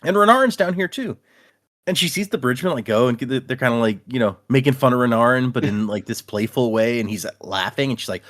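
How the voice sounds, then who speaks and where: A man's voice: mid-range voice, fast talker. A man co-hosting a podcast in a casual book chat, acting out the characters' lines. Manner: animated, acts out characters' lines. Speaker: podcast co-host.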